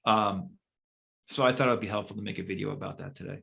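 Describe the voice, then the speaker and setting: A man's voice: fairly low pitch, steady tone, fast talker, creaky, bright, forceful tone. A man co-hosting a casual chat as a manifestation coach, blunt and swearing casually, with lots of fillers.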